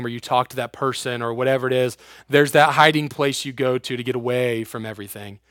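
A man preaching an informal youth sermon in casual slang, swinging between loud and hushed. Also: medium pitch, dry recording, clean studio sound.

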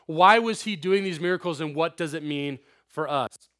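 A young man delivers a sermon to teenagers in a loose, talkative style full of asides. His voice sits a little high. His delivery swings from quiet, low stretches to loud, emphatic climaxes. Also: normal speed. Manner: animated, conversational preaching with asides and acted quotes. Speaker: youth pastor.

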